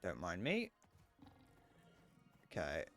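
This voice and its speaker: A man's voice: sits low, wildly swooping pitch, slow pace, a bit bright, dry recording, soft background music. A man in his twenties chatting casually to viewers while playing a game live, joking and swearing as he goes. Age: 20s. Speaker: streamer.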